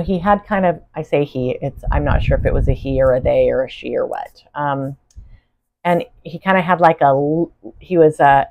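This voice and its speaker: A woman giving a spiritual channeling talk in an earnest, reflective, meandering way, speaking from a living room. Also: low voice. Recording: slightly dull lo-fi recording.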